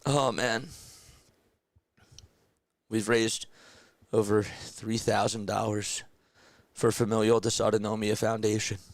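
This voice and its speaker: A young man calling baseball play-by-play on a live charity stream through a headset, loudly thanking donors and then speaking softly and emotionally. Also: on the low side, slow, pauses often, no room sound. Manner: excitable, shouts thanks to donors, turns emotional and quiet.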